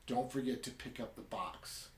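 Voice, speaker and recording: A man's voice: medium pitch, normal speed, echoey room, close to an everyday voice. A man voicing a scheming male toy soldier in a retold story, giving curt orders. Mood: commanding.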